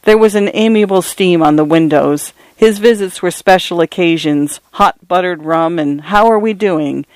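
A man reads literary fiction aloud with a measured, wry touch. His voice sits a little high for a man. The sound is close and dry, with no room around it. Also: clean tone, dry recording. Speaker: audiobook narrator.

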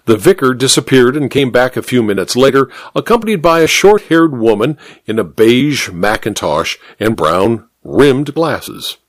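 A man narrating a story aloud, expressive and doing every character's voice. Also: medium pitch, normal speed, hardly any pauses, no room sound. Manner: expressive, reads all the voices. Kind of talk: scripted narration.

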